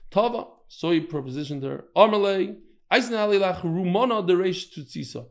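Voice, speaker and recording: A man teaching a daily Talmud class, telling stories with lively acted-out quotes and Hebrew and Yiddish terms. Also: high-pitched, moderate pace.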